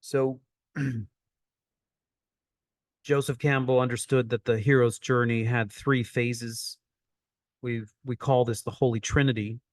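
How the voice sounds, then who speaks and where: A man's voice: mid-range voice, little pitch movement, slow pace, long pauses, dry recording, studio quality. A man coaching an online teaching session, repeating phrases for emphasis as he explains.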